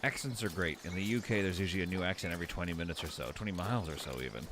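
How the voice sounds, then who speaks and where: A man's voice: low-pitched, rapid-fire, background noise. A man giving casual live commentary while he plays a city-building game, rambling and correcting himself as he thinks aloud.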